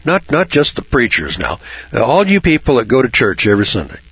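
A man's voice: mid-range voice, big pitch swings, brisk, a bit bright, slightly rough, no echo. A man giving informal Bible commentary in a blunt, folksy way, swearing freely and mocking churchgoers with sarcastic asides. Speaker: Bible teacher. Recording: dull lo-fi recording.

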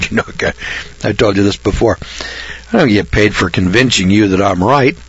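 A man's voice: fairly low pitch, moderate pace, a bit bright, husky. A man preaching a folksy Bible sermon, blunt and colloquial. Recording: dull lo-fi recording.

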